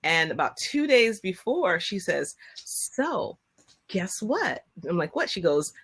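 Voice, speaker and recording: A woman chatting on a video call, telling a personal story at length. Her voice sits on the lower side. She gets animated and acts out quotes with sudden high-pitched bursts. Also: moderate pace, husky. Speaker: guest. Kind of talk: casual storytelling.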